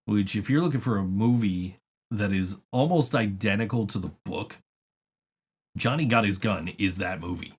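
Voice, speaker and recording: A man's voice: sits low, unhurried, long pauses, breathy edge. A man hosting a podcast, chatting casually and rambling through stories with frequent swearing and laughs. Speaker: podcast host. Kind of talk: casual chat.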